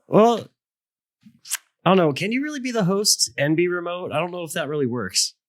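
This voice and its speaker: A man's voice: high-pitched, expressive, moderate pace, a little hiss or hum. A man co-hosting from a studio, laid-back and laughing as he banters with the host.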